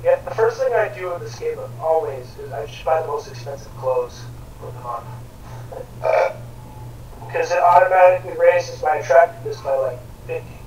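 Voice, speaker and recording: A gamer chats casually while playing, launching into long, rambling rants full of crude swearing. His voice is fairly high and fast, and the muffled recording comes from an echoey room with a distant mic and faint noise.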